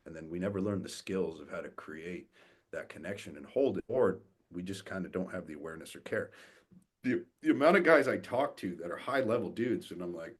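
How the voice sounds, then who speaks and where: A man's voice: low-pitched, animated, fairly quick, breathy edge. A man speaking as a podcast guest, a coach for fathers, talking bluntly with lots of swearing and acting out what other people say. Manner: blunt and profane, acts out quoted dialogue. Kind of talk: casual podcast conversation.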